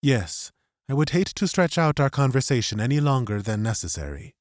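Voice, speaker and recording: A man voicing a tall male alien ambassador in an audiobook, speaking in a quiet, grave, soft and melodic way. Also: medium pitch, sing-song, moderate pace, dry recording, clean studio sound, pitched above the performer's own voice, close to an everyday voice.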